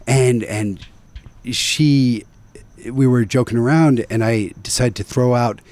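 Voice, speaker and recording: A man is a guest on a podcast and tells anecdotes in a casual, hesitant way. He pauses on fillers and restarts his phrases as he searches for words. His voice sits at an ordinary middle pitch. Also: darkish tone. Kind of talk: casual chat.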